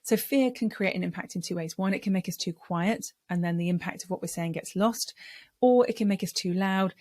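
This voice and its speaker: A middle-aged woman voice coach giving a lesson on speaking, explaining clearly and measuredly. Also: lowish voice, fairly quick, a little mellow, dry recording.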